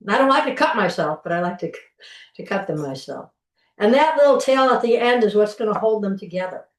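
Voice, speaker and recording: A woman's voice: medium pitch, lively intonation, fairly quick. Chatty woman teaching cooking over a call. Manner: chatty, folksy, restarts often while demonstrating. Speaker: cooking instructor. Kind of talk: live online cooking class. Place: home kitchen. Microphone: video call from a distance. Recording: roomy kitchen, mic far off.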